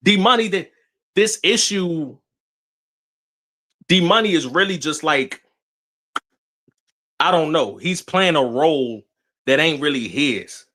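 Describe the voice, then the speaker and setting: Animated man ranting on a livestream. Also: a little high, slow pace, long pauses, dry recording, clean studio sound. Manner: animated, laughing, swearing, repeats himself. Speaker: livestream host. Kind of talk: casual livestream rant.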